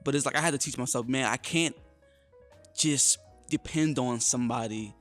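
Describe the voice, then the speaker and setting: A man co-hosting a casual podcast chat, talking in an animated way and often calling his partner "bro". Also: medium pitch, moderate pace, faint music behind. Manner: animated, peppers speech with "bro". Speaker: podcast co-host.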